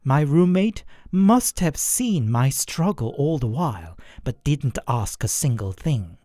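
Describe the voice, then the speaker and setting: A narrator telling a first-person horror story in a scripted, expressive way. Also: medium pitch, slow pace, no room sound.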